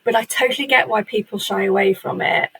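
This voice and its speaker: A woman talks through her business in a chatty, self-deprecating way, laughing at herself as she goes. Her voice has a gravelly, slightly husky edge. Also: mid-range voice, brisk, a bit bright, rough recording. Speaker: guest, virtual assistant agency owner. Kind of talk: casual interview chat.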